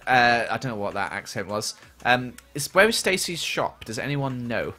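Lively young man streaming games. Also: medium pitch, normal speed, hardly any pauses. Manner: chatty, reads and answers viewer questions while playing. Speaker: livestreamer. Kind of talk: casual gaming livestream chat.

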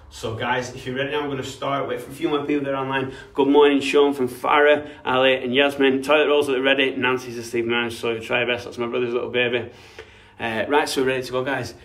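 A man's voice: mid-range voice, far from the mic. Brief: man, young, cheery PE coach for kids, filmed in an echoey room away from the mic. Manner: upbeat, encouraging, chatty. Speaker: kids' PE coach. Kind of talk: live-streamed PE lesson with shout-outs. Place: home room, streamed online.

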